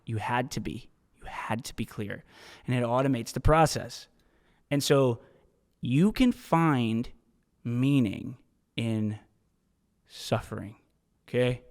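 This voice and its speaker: A man hosting a solo podcast, telling a story in casual, profane, animated monologue. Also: medium pitch, in a large hall. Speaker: podcast host.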